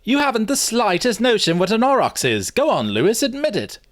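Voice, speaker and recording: Man voicing a mocking know-it-all, raised pitch, taunting, insistent, derisive, dry close sound. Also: wildly swooping pitch, fairly quick, no room sound.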